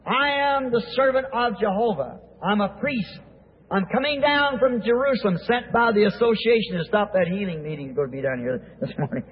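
A preacher barking as a rough, arrogant servant, loud and pushy, with a husky edge. The recording is thin and phone-like, and it echoes in a wide hall. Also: male voice, high voice, animated, a little fast. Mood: haughty.

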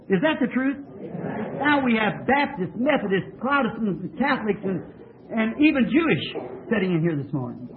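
A man's voice: high-pitched, sing-song, normal speed, crowd noise. A man preaching a sermon in a church, asking the congregation questions and pressing his points emphatically. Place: church tabernacle. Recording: tinny lo-fi old tape.

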